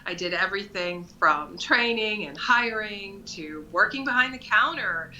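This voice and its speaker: A woman's voice: medium pitch, animated, measured pace, bright, forceful tone, muffled recording, slight background noise. A woman in her fifties, a guest in a casual interview, talking conversationally and often adding "right?". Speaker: guest, nail brand creative director.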